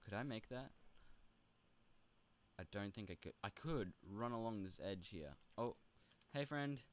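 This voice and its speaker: Playful low-voiced young man gaming. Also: expressive, unhurried. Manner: playful, chatty, jumps to high squeaky goofy bits. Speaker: gaming video host. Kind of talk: casual role-play commentary.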